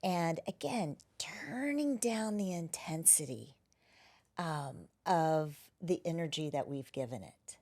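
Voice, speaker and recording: A woman who is a wellness practitioner, talking gently and reflectively as an interview guest, often dropping to a soft near-whisper. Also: low-pitched, animated, takes it slowly. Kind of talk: casual interview conversation.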